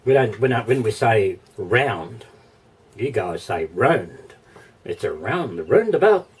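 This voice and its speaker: A man's voice: fairly low pitch, sing-song, normal speed, a little mellow, slightly rough, recorded from a distance. An Australian man chatting casually in a vlog, rambling, thinking aloud and chuckling often, recorded indoors. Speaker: vlogger. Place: indoor room.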